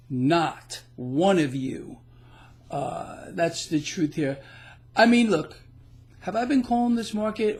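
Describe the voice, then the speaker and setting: A man with a fairly high voice delivers casual market commentary on his own blog. He talks in an emphatic, boastful way and leans hard on his opinions. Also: a little mellow. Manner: emphatic, boastful, laughs at the news. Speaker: financial blogger.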